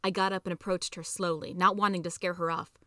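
A woman reading a story aloud as the regular narrator of a podcast, in steady, plain narration. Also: fairly low pitch, fast talker, no echo, studio quality. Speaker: podcast reader.

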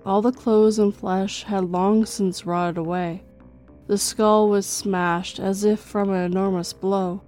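A woman reading a horror story in a slow, measured storytelling way. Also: medium pitch, flat delivery, a little mellow, faint music behind. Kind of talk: scripted horror narration.

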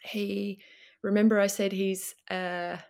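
A woman with an Australian accent, telling a personal story in a hesitant way, with many pauses and ums. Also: mid-range voice, little pitch movement, gravelly, a little mellow. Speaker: guest.

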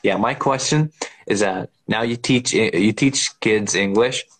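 A man co-hosting a casual podcast, agreeable and relaxed, asking his partner questions. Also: on the low side, unhurried. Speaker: podcast co-host. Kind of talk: casual chat.

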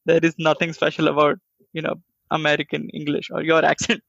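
Flat gravelly man from India. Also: a little high, fairly quick, no room sound, dull audio. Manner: wry, laughs while talking. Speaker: podcast co-host. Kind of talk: casual chat.

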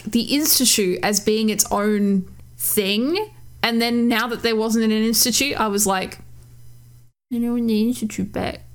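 Woman co-host, slightly high voice, casual and expressive, swears freely, acts out quotes. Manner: animated, swearing, laughing, acting out quotes. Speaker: podcast co-host. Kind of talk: casual chat.

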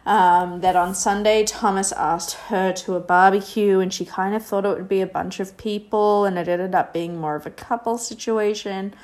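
A woman's voice: medium pitch, steady tone, moderate pace, hardly any pauses, darkish tone. A woman casually recapping a reality show, rambling and sarcastic, with lots of fillers.

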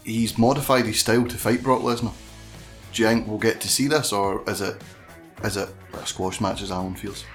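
A man's voice: fairly low pitch, steady tone, normal speed, soft background music. A man hosting a casual group podcast, leading the talk and asking the others in turn. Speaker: podcast host. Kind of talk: casual group chat about wrestling.

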